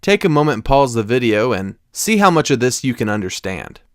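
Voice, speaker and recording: Clear-voiced man teaching a language lesson. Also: mid-range voice, sing-song, dry recording, clean studio sound. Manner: slow, deliberate explanations with careful pronunciation. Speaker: Spanish teacher.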